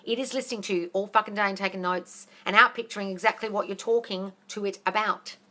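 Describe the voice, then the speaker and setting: Blunt fast-talking woman coach, bright voice. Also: mid-range voice, fairly even intonation. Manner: blunt, swears, calls listeners darling. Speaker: manifestation coach answering live questions. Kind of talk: casual live Q&A. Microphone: phone on a live stream.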